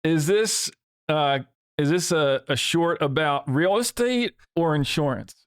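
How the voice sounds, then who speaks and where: Deadpan joking podcast co-host man. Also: fairly high pitch, measured pace, clear, resonant tone, no room sound, studio quality. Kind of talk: casual chat. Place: podcast studio.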